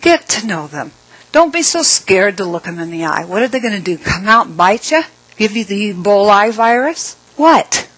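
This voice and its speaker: A middle-aged woman giving an inspirational talk, earnest and slow on key phrases, with playful asides and laughs. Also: medium pitch, animated, fairly bright tone, no echo, rough recording. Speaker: speaker.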